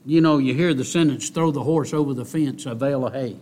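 A man preaching a sermon in a folksy way, repeating key phrases and rising into loud exhortation. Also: fairly quick. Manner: rises to loud, high-pitched exhortation. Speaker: pastor.

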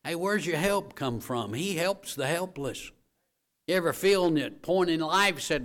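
A man preaching a sermon in a folksy way, repeating key phrases and swinging between quiet, low lines and loud, emphatic bursts. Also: lively intonation, unhurried. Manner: folksy asides to the congregation.

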